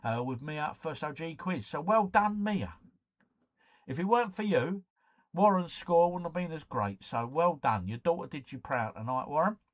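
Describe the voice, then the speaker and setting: A man's voice: a little high, animated, moderate pace, dull audio. A man hosting a casual live stream, chatting to viewers, reading out quiz scores and breaking into bits of song.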